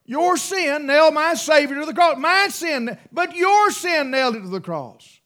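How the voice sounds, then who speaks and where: A man preaching a sermon in a folksy, emphatic way, swinging between loud bursts and hushed asides. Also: very high voice, animated, moderate pace.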